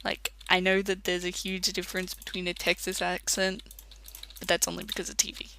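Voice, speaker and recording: An Australian let's play commentator rambling casually while gaming, chatty and quick to laugh. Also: medium pitch, monotone, vocal fry, pushed and bright, smooth.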